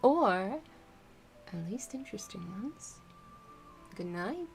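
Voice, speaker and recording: A woman reads a children's book aloud to her viewers in an unhurried, relaxed way, stopping for chatty asides. Her pace is slow and easy, with faint music playing softly in the background. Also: mid-range voice. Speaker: streamer reading a book aloud. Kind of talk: unhurried live reading with asides.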